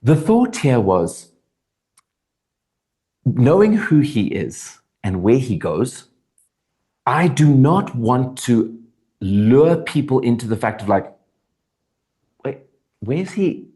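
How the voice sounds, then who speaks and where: In an interview conversation, a South African actor with a South African accent and a mid-range voice speaks slowly, pausing often. He is animated and earnest, restarting his thoughts while thinking aloud.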